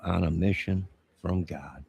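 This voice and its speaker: A man with a very low, gravelly voice talks on a live stream, indignant and sermon-like. He is husky and rough, and scolds his listener as 'sir'. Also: unhurried, a little mellow. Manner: indignant, preachy, confrontational, keeps saying 'sir'. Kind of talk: rambling live-stream monologue.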